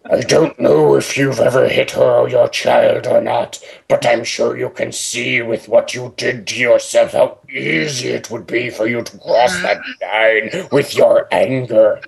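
A man voicing a gruff male ogre who reads out stern advice in a lecturing way. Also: medium pitch. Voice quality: gravelly, slow. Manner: reads aloud sternly, lecturing, stifling laughter. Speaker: podcast co-host. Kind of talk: comedic reading of an online post.

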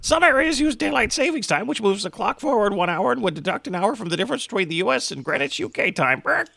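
Guy reading an answer out loud on a comedy podcast, gravelly and bright, dry close mic. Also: high-pitched, very animated, fast, no echo. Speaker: podcast co-host. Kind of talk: comic reading of a written answer.

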